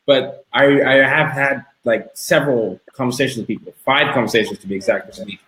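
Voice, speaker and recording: A man's voice: mid-range voice, fairly quick, a bit bright, reverberant, low-quality recording. A man hosting a podcast interview, enthusiastic, often repeating words as he restarts his sentences. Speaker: podcast host.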